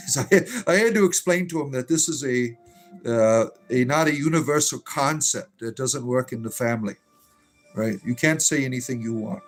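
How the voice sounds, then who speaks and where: A man's voice: medium pitch, moderate pace. A man hosting a casual livestream, reading chat aloud and talking in an irreverent, profane, rambling way with lots of fillers, sometimes drifting away from the mic. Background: faint music.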